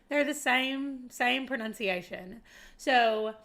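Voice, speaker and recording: Bright chatty Southern woman from Arkansas. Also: on the high side, extremely slow. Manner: chatty and rambling, laughs often; addresses viewers as y'all. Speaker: booktuber. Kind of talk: casual chat to camera.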